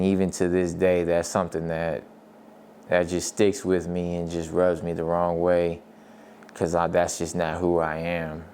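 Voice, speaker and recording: Deep-voiced young man telling his story. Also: a little hiss or hum. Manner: quiet, halting, many restarts. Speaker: podcast guest. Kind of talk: personal storytelling.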